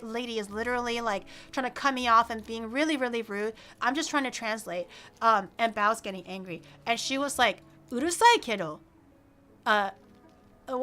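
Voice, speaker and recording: A young woman streamer telling a story in an animated, casual way, full of "like" fillers and acting out the people in it. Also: fairly high pitch. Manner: frequent "like" fillers.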